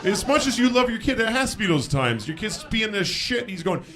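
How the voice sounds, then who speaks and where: A man doing a stand-up comedy set, telling stories in a dry, deadpan way that breaks into high shouted bits. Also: brisk. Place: live on stage before a laughing crowd. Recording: live show with audience laughter.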